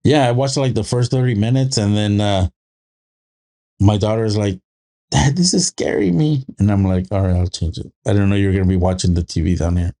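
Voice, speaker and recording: A man's voice: lowish voice, fairly even intonation, fairly quick, mellow. A man co-hosting a casual podcast, rambling through family anecdotes and acting out his little daughter's lines. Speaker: podcast co-host. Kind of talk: casual chat.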